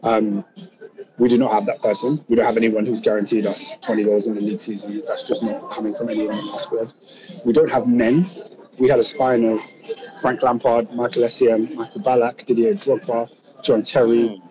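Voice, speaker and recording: A man argues football in an emphatic, heated way, stacking repeated words as he builds a point. His voice comes through a dull, lo-fi line. Loud chatter from a crowd sits behind him. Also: medium pitch, level tone, normal speed. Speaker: football podcast panelist. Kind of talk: casual football banter.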